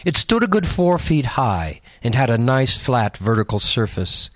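A man narrating a spooky story in a measured, suspenseful audiobook reading. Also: medium pitch, sing-song, no echo, studio quality.

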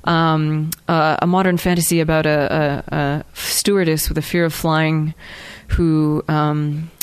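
Woman, author, reading aloud, hesitant, fillers, lowish voice. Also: little pitch movement, unhurried, clean tone. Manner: hesitant, many fillers and restarts when speaking freely. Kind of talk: reading aloud, then answering questions. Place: live reading event.

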